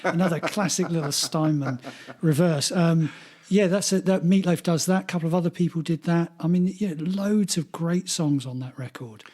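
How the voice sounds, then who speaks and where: A husky, slightly breathy man, middle-aged, talking in a somewhat higher register than most men. He rambles through casual podcast chat, laughing and swearing freely. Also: normal speed, a little mellow. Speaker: podcast co-host.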